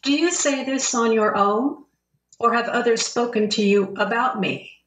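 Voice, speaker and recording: A woman reading the part of a calm prophet-king on trial, speaking in steady, even lines in a church Passion reading. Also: fairly high pitch, measured pace. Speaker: scripture reader. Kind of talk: dramatic scripture reading. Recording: roomy church from a distance.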